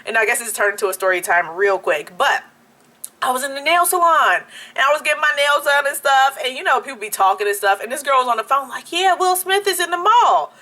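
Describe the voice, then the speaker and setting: A young woman vlogger telling a story-time anecdote in a casual, animated way, laughing often. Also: sits high, fast talker. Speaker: beauty YouTuber.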